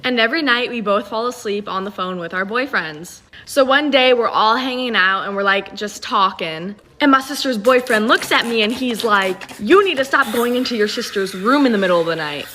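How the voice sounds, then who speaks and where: A young woman casually telling a creepy storytime, with slang and lively quoted dialogue. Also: on the high side, normal speed, hardly any pauses, a little hiss or hum. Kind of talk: storytime video.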